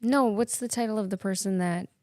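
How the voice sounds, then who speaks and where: A woman co-hosting a casual podcast livestream, teasing the others with quick banter. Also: mid-range voice, dark tone, no echo. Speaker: podcast co-host.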